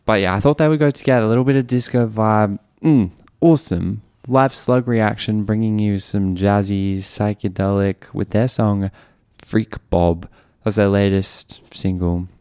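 A man's voice: on the low side, darkish tone, smooth, dry recording. A man with an Australian accent, working as a radio DJ and chatting casually between songs in a rambling, enthusiastic way from a radio studio. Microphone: studio microphone.

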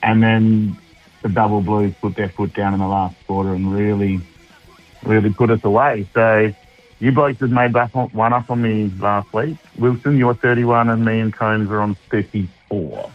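A man's voice: fairly low pitch, fairly even intonation, moderate pace, dull audio. A man with an Australian accent calling in to a radio show, chatting in an easygoing, rambling way with dry humour. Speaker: caller. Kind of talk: casual chat on air. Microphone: phone.

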